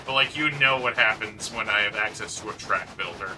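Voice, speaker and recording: A man's voice: lowish voice, fairly quick, background noise. A man chatting casually as a co-host, rambling with lots of "like" and poking fun at himself. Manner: rambling, lots of "like", self-mocking. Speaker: co-host of a gaming chat. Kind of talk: casual chat. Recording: distant mic.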